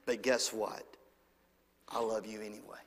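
A man preaching who voices God speaking softly and lovingly to a listener. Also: lowish voice, flat delivery, unhurried, long reverb tail, pitched below the performer's own voice. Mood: tender. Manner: hushed and intimate.

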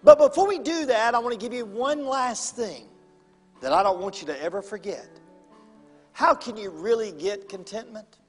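A man's voice: sits high, animated, normal speed, husky. A man, a pastor preaching an evangelistic sermon and calling people to the altar with fervent, repetitive urging. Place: large church auditorium. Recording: long reverb of a large hall with faint music.

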